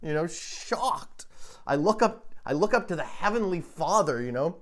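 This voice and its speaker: A man hosting a comedy podcast, telling a rambling deadpan monologue in a halting, stammering way, full of restarts and "you know.". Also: fairly high pitch. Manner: deadpan absurd storytelling.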